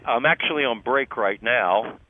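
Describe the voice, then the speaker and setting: An older man with a Philadelphia accent, talking as an interview guest in a relaxed, halting way with many ums and uhs. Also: medium pitch. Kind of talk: phone interview chat. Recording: tinny phone line, faint noise.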